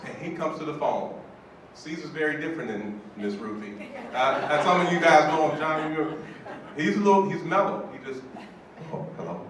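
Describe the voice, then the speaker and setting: A man in his fifties, a judge, tells a personal story to an audience in an animated, emotional way, acting out the voices. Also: fairly high pitch, moderate pace. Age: 50s. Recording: echoey hall from far off, background noise.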